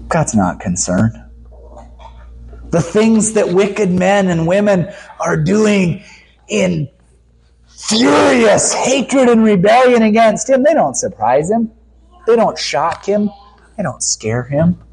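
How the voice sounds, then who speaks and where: Male preacher, sermon, slow deliberate delivery, emphatic, quoted voices pitched high, low scripture reading, faint background hiss. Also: big pitch swings, vocal fry, a little mellow.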